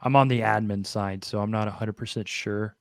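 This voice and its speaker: A man hosting a video call interview, who mostly gives brief, low-key replies. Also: fairly even intonation, brisk, gravelly, smooth, no echo, clean studio sound. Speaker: host.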